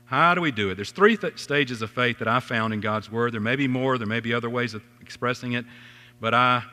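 A middle-aged man preaching a sermon as a pastor, earnest, lifting his voice on questions and sinking low when quoting scripture. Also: fairly quick, sharp tone. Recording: long reverb of a large hall.

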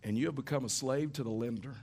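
Preaching in a church, a middle-aged pastor talks fast in a medium-pitched, slightly mellow voice. He tells stories conversationally and throws rhetorical questions at the congregation.

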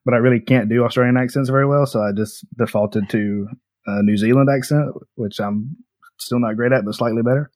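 A man's voice: mid-range voice, steady tone, fairly quick, darkish tone, no room sound. A man co-hosting a podcast in casual chat, hesitant and often trailing off with a laugh. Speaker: podcast co-host.

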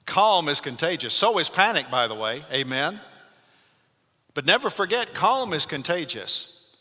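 A male pastor giving a Sunday morning sermon, swinging between loud calls and hushed, calm speech. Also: a little high, a little slow, long reverb tail. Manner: dynamic preaching, shifts from loud to hushed.

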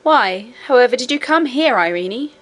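Storybook miner boy, brisk and hushed, as a woman reads him. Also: on the high side, lively intonation. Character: young miner boy, practical and hurried.

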